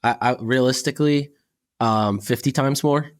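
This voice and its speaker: A man co-hosting a podcast in casual chat, telling relaxed stories and acting out quoted exchanges. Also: mid-range voice, normal speed. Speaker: podcast co-host.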